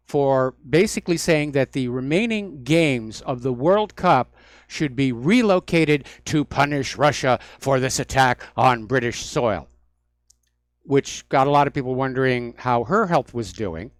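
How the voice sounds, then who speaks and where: A man's voice: mid-range voice, lively intonation, a little slow, no echo. A man hosting a talk radio show, delivering solo commentary in a sardonic, mocking manner. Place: radio studio.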